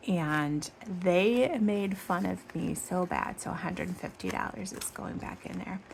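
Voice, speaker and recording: A woman from Michigan hosting a casual budgeting vlog, chatting in rambling tangents and counting cash out loud. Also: on the low side, vocal fry, a little hiss or hum. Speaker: budgeting channel host.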